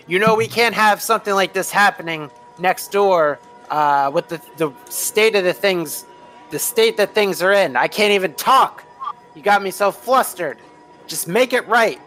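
A man voicing a nervous, flustered man who talks fast to cover himself in a tabletop game. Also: mid-range voice, fairly bright tone, faint music behind, lightly acted, poor audio.

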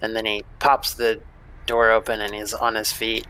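A man's voice: fairly low pitch, completely flat delivery, normal speed, sharp tone, smooth, rough recording. A man narrating as game master of a tabletop role-playing game, in a loose, laid-back way with frequent fillers.

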